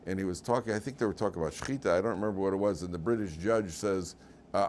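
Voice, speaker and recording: Speaking rapid-fire in a low, slightly mellow voice, a man leads his weekly class as rabbi, joking conversationally and quizzing the students in the classroom. The lecture is informal, and a little hiss or hum can be heard.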